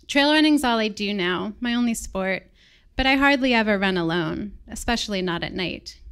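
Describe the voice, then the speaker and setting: A woman with an American accent reads her own story aloud to a live audience. Her voice is smooth and clear at a middling pitch, and she tells it in a reflective, measured way. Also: a bit bright. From England. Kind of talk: personal story read live on stage.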